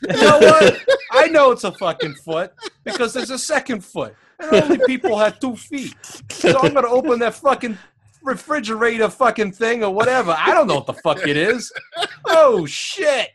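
A man's voice: very high voice, sing-song, normal speed, a bit bright, husky, heavily acted. A man putting on a stereotypical Italian accent to comically dub a crude, brash middle-aged tough guy in a movie. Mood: brash, rowdy. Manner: profane, brash, laughing through lines.

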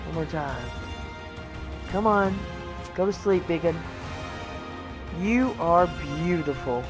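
A woman hosting a casual let's-play, chatting to the animals in her game in a coaxing, excitable way. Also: lowish voice, slow, over music. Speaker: gaming channel host.

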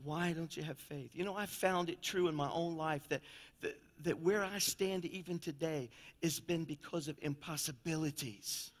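A man preaching a sermon as pastor, telling stories in a folksy way and swinging between loud and quiet passages. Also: a little high, steady tone, moderate pace. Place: church sanctuary. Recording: long church reverb.

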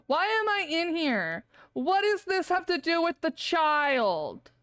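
A woman's voice: extremely high pitch, very animated, slow, a bit bright, no echo, clean studio sound. A woman streaming a game live, ranting and swearing in exasperation, with lots of laughter. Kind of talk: live gameplay commentary.

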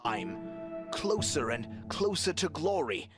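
A man voicing a gentle storybook narrator in a game, telling the story in a measured way. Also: a little high, sing-song. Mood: calm. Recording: loud music behind.

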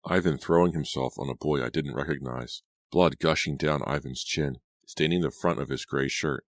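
Very deep-voiced male audiobook narrator. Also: moderate pace, dry recording, studio quality. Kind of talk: scripted storybook narration.

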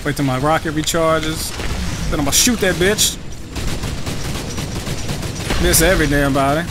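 A young man giving live commentary over his own game match, profane, trash-talking and excitable. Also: on the high side, measured pace, noisy background. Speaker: gaming channel host. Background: game music.

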